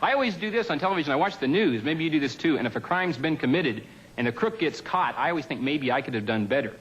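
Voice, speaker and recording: Fast and somewhat high-pitched, a man delivers deadpan observational stand-up on a television studio stage, tossing out offhand asides in a dry tone. The sound is lo-fi.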